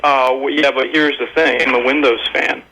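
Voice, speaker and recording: A man's voice: medium pitch, flat delivery, moderate pace, noisy background. A man co-hosting a radio show in casual chat, upbeat and friendly, laughing along with the jokes. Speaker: radio co-host.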